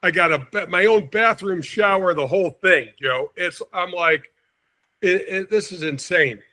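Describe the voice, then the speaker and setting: A man in his sixties from St. Louis, a podcast guest telling an animated anecdote and acting out the quotes. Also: high-pitched, normal speed. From St. Louis, USA. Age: 60s. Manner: lively storyteller, acts out quotes, chuckles often.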